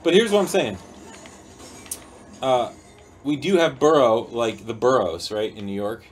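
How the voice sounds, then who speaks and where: A man's voice: medium pitch, a little slow. A man hosting a casual livestream, reading chat aloud and rambling playfully, with a little music in the background. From United States. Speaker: livestream host. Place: indoor studio room.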